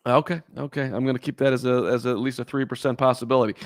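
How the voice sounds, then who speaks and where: A man's voice: medium pitch, level tone, fast talker, dry recording, clean studio sound. A man co-hosting a casual sports podcast, telling a rambling story with lots of restarts. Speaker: podcast co-host. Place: in Chicago.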